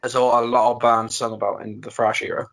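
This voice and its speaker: A man's voice: mid-range voice, flat delivery, a little fast, vocal fry, a bit bright. A young man chatting casually on a podcast, blunt and swearing freely. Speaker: podcast co-host. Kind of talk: casual chat.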